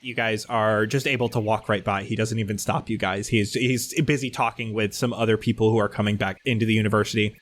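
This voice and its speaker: A man narrating a tabletop game as dungeon master, with steady, descriptive scene-setting. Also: on the low side, fairly quick, few pauses, a little hiss or hum.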